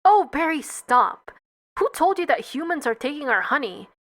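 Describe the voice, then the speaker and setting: A woman's voice: high-pitched, big pitch swings, moderate pace, a bit bright. A woman voicing a fussy mother bee who dismisses her son's worries. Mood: dismissive. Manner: dismissive, fussing.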